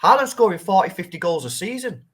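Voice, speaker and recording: A man on a football fan panel, arguing his point in an animated, insistent way. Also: high voice, fast. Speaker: panel guest. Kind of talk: football opinion talk.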